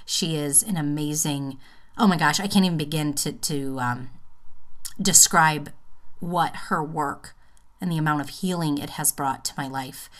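A woman's voice: low-pitched, unhurried. A woman hosting her own podcast, speaking an earnest, heartfelt personal monologue from home, rambling a little with fillers and restarts. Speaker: podcast host. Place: home, just out of the bath.

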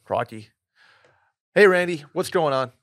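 A man's voice: on the high side, lively intonation, a little slow, a bit bright, no room sound, studio quality. A man hosting a podcast in casual banter, teasing his guest and rattling off plugs in a joking way. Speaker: podcast host. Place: studio in Austin, Texas.

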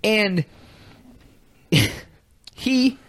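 A man's voice: high-pitched, animated, extremely slow, fairly bright tone, no echo. A man co-hosting a casual comedy podcast, telling a story loosely with frequent laughs and restarts. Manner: laughs often, tells stories loosely with restarts. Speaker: podcast co-host. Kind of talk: casual chat.

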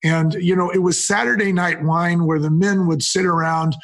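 A man's voice: sits high, normal speed, creaky. An older man, a wine company co-founder, telling anecdotes in a casual interview. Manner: anecdotal, quotes people in lively retellings.

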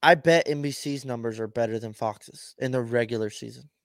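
A man co-hosting a casual podcast by remote call, telling stories in a laid-back, profane way with animated impressions. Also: mid-range voice, brisk, no echo, clean studio sound. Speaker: podcast co-host. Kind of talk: casual chat.

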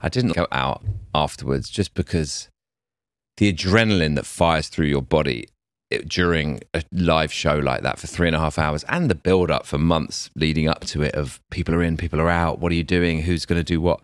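Tired, slightly croaky English man. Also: a bass voice, normal speed, no room sound, studio quality. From England. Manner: chatty, animated storytelling. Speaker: executive producer, guest. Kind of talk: casual interview.

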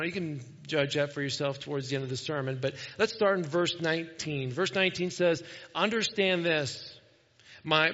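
A middle-aged man preaches a conversational sermon, his voice sitting a little higher than most men's. He talks in a folksy way and often restarts his sentences. The sound is dull, and a long reverb trails through the big church. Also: bright, forceful tone. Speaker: pastor. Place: church sanctuary.

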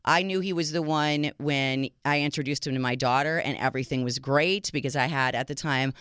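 Woman, radio co-host, emotional, laughing, smooth voice, dry sound. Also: a bass voice, a little fast, fairly bright tone, dry recording. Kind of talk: casual radio chat.

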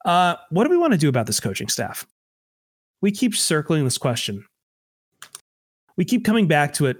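A man with a fairly high voice hosts a casual sports podcast, mixing sarcasm and jokes into his takes. His voice sounds dry and close to the mic. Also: big pitch swings, moderate pace, no room sound. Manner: sarcastic, joking. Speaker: podcast host.

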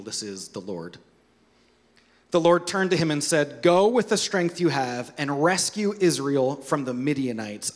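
A man's voice: mid-range voice, big-room sound. A man preaching a sermon, earnest and conversational, asking his listeners rhetorical questions. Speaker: pastor.

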